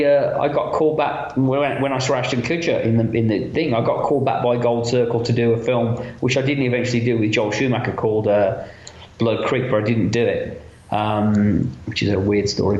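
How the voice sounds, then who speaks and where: A special effects makeup artist with a mid-range voice shares film-set stories in a casual interview, chatty and animated as he acts out what other people said. The recording sounds roomy, dull, and lo-fi.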